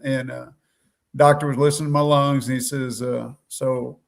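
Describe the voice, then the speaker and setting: A man's voice: medium pitch, level tone, moderate pace, gravelly. A man in casual conversation, recounting a story in a plain, matter-of-fact way. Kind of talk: casual chat.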